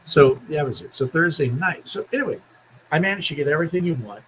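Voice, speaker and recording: Animated man telling a story. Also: quick pace, a little hiss or hum, poor audio. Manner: animated storyteller, acts out quoted voices with big pitch jumps, laughs often. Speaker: podcast co-host. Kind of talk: casual chat, storytelling.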